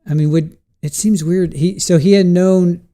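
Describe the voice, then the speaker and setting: Halting man chatting through case notes. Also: high voice, steady tone, warm tone. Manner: thinking aloud, halting with restarts and fillers; answers live chat questions. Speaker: live trial commentary host. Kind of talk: casual live-stream commentary.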